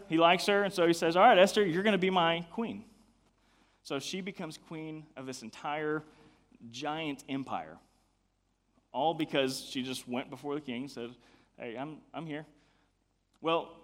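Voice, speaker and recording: A man's voice: on the high side, fairly bright tone. A young adult man giving a casual youth sermon in a chatty way. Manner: casual, chatty, many fillers. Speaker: youth pastor.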